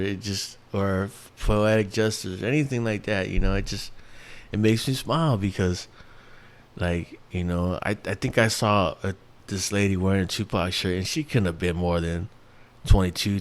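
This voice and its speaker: Rambling, swearing man with a low voice. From New York. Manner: rambling, swears casually, many restarts and fillers. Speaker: podcast host. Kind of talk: casual solo talk.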